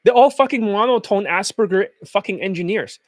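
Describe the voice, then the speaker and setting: Man, dating coach, profane rant, scornful, slightly high voice, dry sound. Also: fairly quick, dry recording. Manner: blunt, crude and scornful. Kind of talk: profane ranting monologue.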